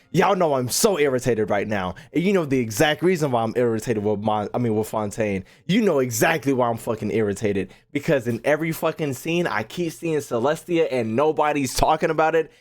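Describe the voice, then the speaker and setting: A young man, a gaming YouTuber, ranting casually and animatedly, swearing and repeating himself as he ranks game regions. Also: mid-range voice.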